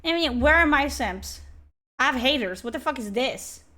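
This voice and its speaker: A woman's voice: high voice, animated, normal speed, sharp tone. A young woman streamer reacting to a game trailer in a sarcastic, blunt and profane way. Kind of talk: live-stream reaction commentary.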